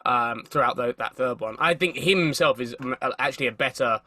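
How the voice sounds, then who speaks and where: A young man in casual chat, animated and swearing freely, often repeating words as he thinks. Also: mid-range voice, a little fast.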